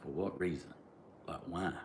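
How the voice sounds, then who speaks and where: A low-pitched man with a Southern American drawl talks straight to the camera, looping through fillers and restarts before landing his points with sudden force. His voice rings off the walls of a roomy space, with faint ambient noise underneath. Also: moderate pace. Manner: rambling, heavy on "like", restarts, emphatic bursts. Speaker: vlogger. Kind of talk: casual storytelling monologue.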